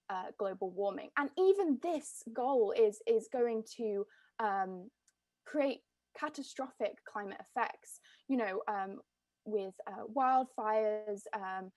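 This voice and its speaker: A woman with an English accent and a fairly high voice speaks earnestly as a panelist on a video call. Her delivery is quick, with frequent fillers and restarts. The sound is dry and close. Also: no echo. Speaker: climate activist panelist. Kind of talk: panel discussion.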